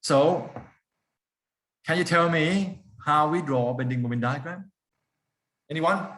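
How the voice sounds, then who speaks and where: A man's voice: on the high side, slow, a bit bright. A man lecturing a class, often stopping to put questions to the students and repeating key points for emphasis.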